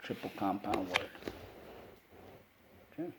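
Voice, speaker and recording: A man teaching a spelling lesson to children, drilling words slowly syllable by syllable and coaxing the class along. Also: sits low, expressive, heavy background noise.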